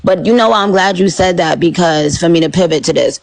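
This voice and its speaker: Gravelly-voiced New woman, animated. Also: lowish voice, fairly quick, low-quality recording. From Queens, New York. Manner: animated, rambling, with frequent fillers. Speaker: interview guest. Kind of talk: casual interview chat.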